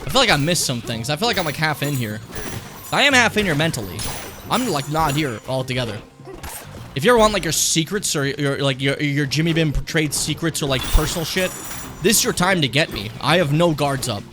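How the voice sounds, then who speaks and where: A young man casually commenting on his gameplay, rambling and swearing, with sudden high excited yelps. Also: fairly quick. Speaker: streamer. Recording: game music playing behind the voice.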